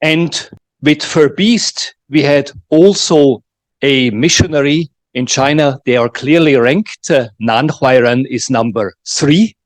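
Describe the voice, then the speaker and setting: A man hosting a public forum and formally introducing the guest speaker in a measured, slightly halting way. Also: medium pitch, dry recording.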